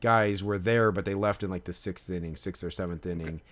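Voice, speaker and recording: A man's voice: low-pitched, fairly quick, fairly bright tone. A man co-hosting a podcast in casual chat, rambling with constant "like" fillers. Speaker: podcast co-host.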